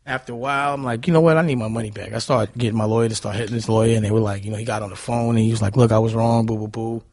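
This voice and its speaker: A man's voice: fairly low pitch, steady tone, rapid-fire, darkish tone, no room sound. A man, telling stories bluntly and heatedly in a casual interview. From Harlem, New York. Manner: blunt, heated, repeats "you know what I'm saying". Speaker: guest.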